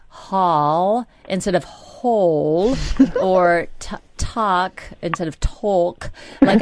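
American woman, middle-aged, radio host, chatty and enunciating, lowish voice, dry studio sound. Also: no room sound. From United States. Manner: chatty, enunciating, self-deprecating. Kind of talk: late-night radio talk.

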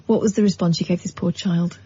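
A woman's voice: on the low side, steady tone, fairly quick, dark tone, highs cut off, slight background noise. A woman co-hosting a radio show, reading out a news item and making dry, unimpressed remarks. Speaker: radio co-host. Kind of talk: casual radio chat.

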